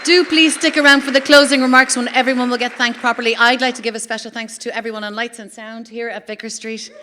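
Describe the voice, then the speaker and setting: A woman's voice: on the high side, level tone, fast, crowd noise, background noise. An Irish woman hosting a live evening on a theatre stage, chatty and self-deprecating as she introduces acts. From Ireland. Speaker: host of the evening. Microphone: stage microphone.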